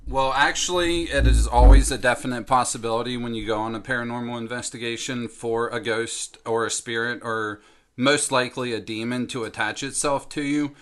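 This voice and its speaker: A young man co-hosting a casual podcast, telling stories in a deadpan, earnest way. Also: mid-range voice, moderate pace. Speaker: podcast co-host.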